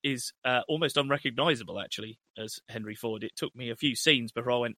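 A young man chatting casually on a film podcast, sweary and animated, breaking into laughs as he goes. His voice is bright and forceful. The sound is dry and close. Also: medium pitch, fast, no room sound. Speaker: podcast co-host.

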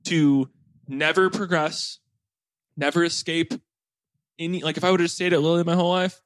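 A man's voice: mid-range voice, no echo. Young guy podcast host rambling to his mom, tons of "like"s, mid voice, super dry close mic. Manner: rambling, heavy on "like" fillers, animated storytelling. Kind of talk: casual family chat.

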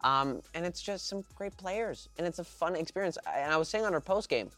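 A man's voice: on the high side, lively intonation, fairly quick, a bit bright, faint music behind. A man hosting a sports podcast, talking in a casual, enthusiastic and fired-up way. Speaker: podcast host and fan.

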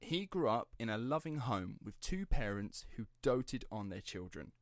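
Hosting a casual true-crime podcast, a young man tells the story in a mid-range, sing-song voice at normal speed. He's chatty and rambling, swearing and laughing easily, and the studio sound is clean with no room echo.

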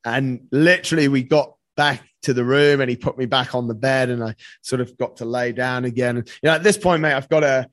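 A man's voice: mid-range voice, brisk, hardly any pauses, fairly bright tone, no room sound. A man telling a personal story as a podcast guest, earnest and casual, often saying "mate" and swearing freely.

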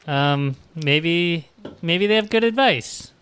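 A man's voice: a little high, expressive, slow pace, a bit bright, clear, resonant tone. A man co-hosting a podcast, joking and self-deprecating in casual comedic chat. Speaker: podcast co-host.

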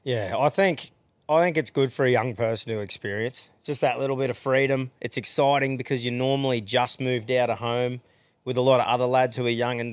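A man's voice: medium pitch, dry recording. An Australian man hosting a podcast, chatting casually and swearing freely in a laid-back way. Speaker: podcast host. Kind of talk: casual chat.

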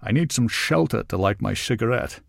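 A man's voice: medium pitch, expressive, moderate pace, gravelly, no echo. A man acts out a tall, balding older man in a storybook reading, clipped and brusque. Every answer lands firm and final. His lines come across dry and close, with no room around them. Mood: gruff.

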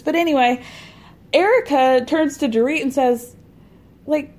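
Sarcastic gossiping woman, slightly high voice. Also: unhurried. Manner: sarcastic, laughs often, animated asides. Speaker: podcast host recapping a TV reunion. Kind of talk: casual gossipy recap.

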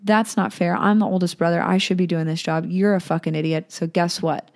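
A woman's voice: lowish voice, little pitch movement, fairly quick, gravelly. A woman voicing a bitter, one-legged old male god who swears and rants in indignation. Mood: outraged.

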